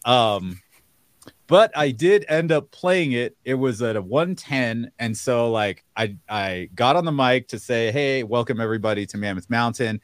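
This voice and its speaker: A man's voice: medium pitch, normal speed, no room sound. A man who works as a DJ, telling stories in casual chat and acting out the quotes with lots of laughter. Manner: animated storyteller, acts out quotes, laughs often. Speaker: DJ and podcast co-host.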